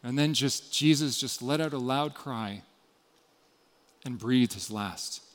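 A man giving a sermon, retelling a story with dramatic shifts between loud emphasis and hushed passages. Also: medium pitch, takes it slowly, big-room sound. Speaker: preacher.

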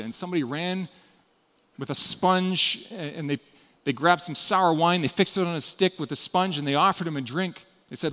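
Guy preaching, retells the story dramatically, goes loud then quiet, kinda high voice, long echo in the hall. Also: moderate pace. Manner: storytelling, dramatic shifts between loud and hushed. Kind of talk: sermon.

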